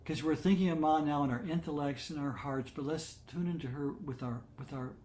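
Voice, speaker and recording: An older man with a slightly high voice tells devotional stories to a gathering. He speaks gently and unhurriedly, pausing on fillers and starting sentences again. The sound has the echo of a roomy space. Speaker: satsang leader. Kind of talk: devotional storytelling talk.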